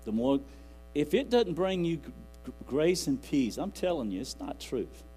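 A man's voice: fairly high pitch, big pitch swings, normal speed, dark tone, low-quality recording. Folksy preacher man. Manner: folksy, rambling, quotes scripture aloud. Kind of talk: sermon. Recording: faint music and mains hum.

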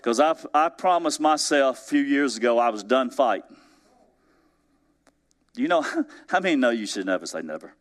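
Male pastor, lowish voice, folksy storytelling sermon, chuckles often, drops to near-hush for emphasis. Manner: conversational, swinging between emphatic rises and soft, hushed drops; chuckles through his stories.

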